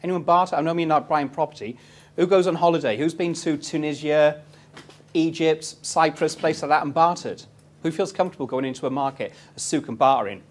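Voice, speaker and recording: A man with a slightly higher voice, talking to a seminar audience in a room. He tells stories in a chatty, cheeky way and keeps asking the crowd for a show of hands. He sounds loose and self-assured at the front of the room. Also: fairly quick. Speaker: property investment seminar speaker. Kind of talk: live seminar talk to an audience.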